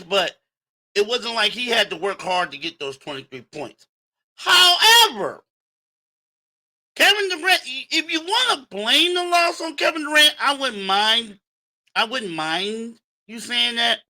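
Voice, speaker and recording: A man hosting a sports livestream, breaking down games in an emphatic, animated way and talking straight to his viewers. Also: extremely high pitch. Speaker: sports show host.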